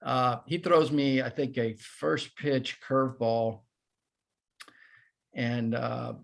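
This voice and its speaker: A man in his fifties, a former baseball player, telling animated, self-deprecating stories as a podcast guest. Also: mid-range voice, takes it slowly, gravelly. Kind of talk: casual storytelling.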